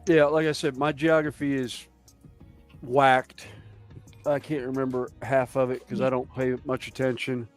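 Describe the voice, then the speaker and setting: A man's voice: medium pitch, little pitch movement, measured pace, soft background music. A man in his fifties from the United States chatting casually in a group, rambling, swearing freely and laughing often. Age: 50s.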